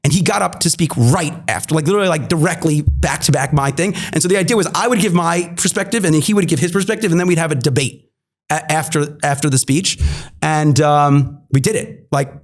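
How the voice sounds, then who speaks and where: A man telling an animated story as a podcast guest, with lots of fillers. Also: a little high, a little fast. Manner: animated, many fillers, acts out quoted dialogue. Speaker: podcast guest, marketing entrepreneur. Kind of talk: storytelling anecdote.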